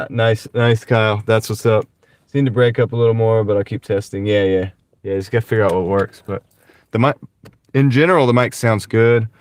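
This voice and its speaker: A man's voice: lowish voice, steady tone, normal speed, smooth, no room sound. Rambling Southern man chatting from his van. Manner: rambling, says "like" and "dude" often. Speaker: delivery driver streaming. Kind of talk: casual livestream chat while driving. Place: inside a van. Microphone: wireless clip-on mic.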